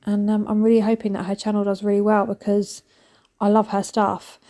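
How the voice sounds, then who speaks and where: A woman in her thirties chats through her cleaning session. She talks in a casual, self-mocking way, full of rambling asides. Her voice sits at an ordinary middle pitch. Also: completely flat delivery, brisk, warm tone. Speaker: cleaning vlogger. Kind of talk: chatty voice-over while cleaning.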